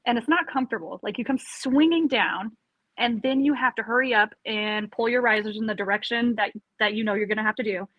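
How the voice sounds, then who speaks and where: A woman, an army career counselor, chatting casually and telling animated stories with frequent laughs. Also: on the high side, fairly quick, dry recording, lo-fi sound. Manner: animated storyteller, laughs often. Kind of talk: casual podcast chat.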